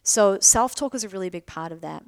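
Woman, solo podcast host, casual and candid, swears a lot, gravelly voice, dry close sound. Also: mid-range voice, fairly quick, dry recording. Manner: candid, swears freely, animated self-mocking asides.

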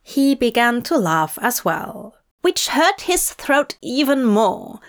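A woman reading a story aloud in a calm, measured audiobook narration. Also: a little high. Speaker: fanfiction reader.

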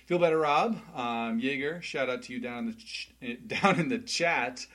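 A man's voice: mid-range voice, normal speed, a bit bright. Chatty male gaming podcast host. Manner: chatty, frequent fillers and restarts, laughs easily. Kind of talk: casual gaming podcast chat.

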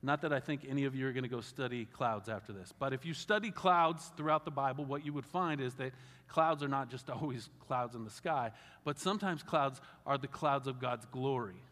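A man pastor preaching a sermon in a conversational, animated way with wry asides. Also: medium pitch, brisk. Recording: long reverb of a large hall.

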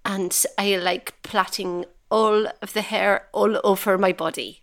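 A brash, boastful Viking warrior ghost in a deliberately bad mock-Swedish accent, as a woman puts her on. She drawls her brags slowly, and her voice sits at a middling pitch. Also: flat delivery, natural voice. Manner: boastful, slow, breaking character.

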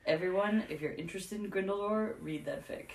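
A woman's voice: medium pitch, fairly quick. A woman podcast co-host chatting enthusiastically, rambling with many fillers. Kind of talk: casual chat. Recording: roomy, distant mic.

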